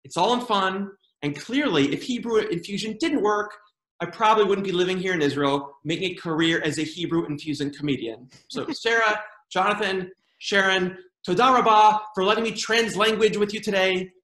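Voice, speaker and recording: A man performing a stand-up comedy routine, with lively delivery and funny voices for quoted people. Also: high voice, moderate pace. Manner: animated joke-telling with funny put-on quoted voices. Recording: roomy echo.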